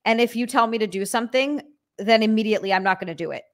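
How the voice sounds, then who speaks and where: Fast-talking woman from Hawaii. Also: fairly high pitch. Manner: chatty, relaxed, with fillers. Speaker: podcast guest. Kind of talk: casual chat.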